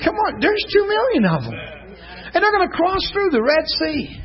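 A middle-aged male pastor preaching an animated sermon, telling stories with shouts and laughter. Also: very high voice, brisk. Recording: dull lo-fi sound, faint congregation.

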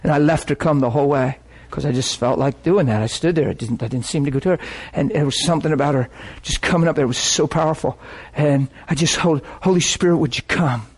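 A man preaching with animated storytelling, acting out the voices of people in his stories. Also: a little high, fast talker, hardly any pauses, slightly rough. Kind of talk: sermon storytelling.

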